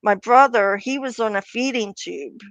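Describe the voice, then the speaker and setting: A woman's voice: a little high, moderate pace, fairly bright tone, dry recording, low-quality recording. An older woman from Pennsylvania, a guest author telling personal stories in a casual interview and acting out the voices of people she quotes. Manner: chatty, acts out quoted voices.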